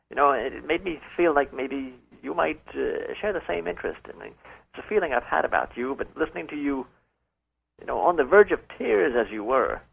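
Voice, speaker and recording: A man's voice: fairly high pitch, lively intonation, normal speed, creaky, breathy edge, narrow, tinny audio, heavily acted. A man playing a pompous caller posing as a rock singer, speaking in a mock-formal, smug, suggestive way on a radio show. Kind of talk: comedic prank call on radio.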